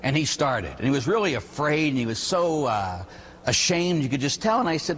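A Catholic priest giving an animated sermon, telling stories and asking rhetorical questions. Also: male voice, medium pitch, a little fast, in a large hall, slight background noise.

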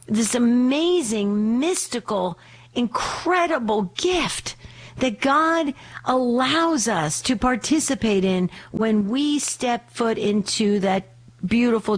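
Hosting a live call-in radio show, a woman with a somewhat high voice speaks in a fervent, urgent, pleading way. She's still getting over a slight cough.

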